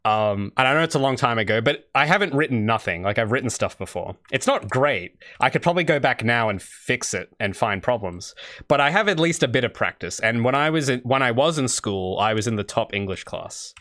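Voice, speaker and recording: A man's voice: mid-range voice, animated, a little fast, a bit bright. A young man from Australia chatting casually on his game dev livestream, rambling and answering chat. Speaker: indie game developer streaming.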